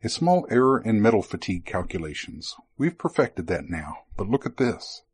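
A man voicing an excitable male lizardfolk technologist who keeps explaining his gadgets in an audiobook. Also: fairly low pitch, moderate pace, husky, exaggerated voice. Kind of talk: audiobook character voice.

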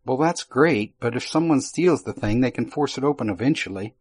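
A man's voice: mid-range voice, animated, brisk, a little mellow, breathy edge, pitched above the performer's own voice. A man voicing a skeptical female catfolk secret agent in an audiobook. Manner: skeptical, dry. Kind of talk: audiobook character voice.

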